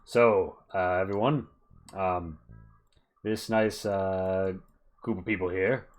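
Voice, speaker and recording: Man doing a sly mercenary boss for a tabletop game, low-voiced and hesitant. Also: steady tone, slow pace. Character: smooth-talking male mercenary boss, scheming.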